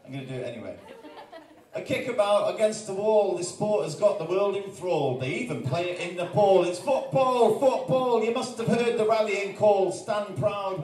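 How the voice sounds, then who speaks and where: A man from Wales performs rhyming poems live at an arts-centre gallery night, his fairly high voice punching out the rhythm and breaking into relaxed, joking patter between pieces. He stands back from the microphone, so the sound is distant and bounces around an echoey room. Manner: rhythmic rhyming recital broken by jokey chatty asides. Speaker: performance poet. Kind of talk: live spoken-word performance.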